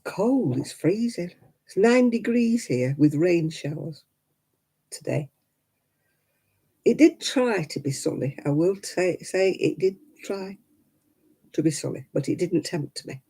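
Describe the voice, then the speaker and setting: An older woman hosts a casual crafting livestream, rambling to her viewers and laughing often. Her voice is husky and warm, and her pitch swings widely as she chats. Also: animated, slow, long pauses. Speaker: livestream host. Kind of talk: casual live-chat crafting stream.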